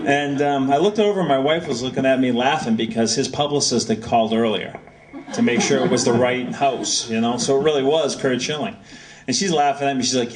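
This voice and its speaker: A middle-aged man from Massachusetts talks to a bookstore crowd in a loose, animated, anecdotal way. His voice is of ordinary pitch and sounds distant, as if picked up from across the room. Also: brisk. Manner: animated, rambling storyteller. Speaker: author speaking at a book signing. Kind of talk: anecdotal talk to an audience. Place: bookstore event space. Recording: voice heard from a distance.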